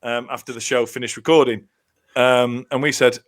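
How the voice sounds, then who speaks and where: A man chatting casually on a podcast as a lively storyteller who acts out the lines he quotes. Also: medium pitch, normal speed, no room sound, studio quality. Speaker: contestant telling a story.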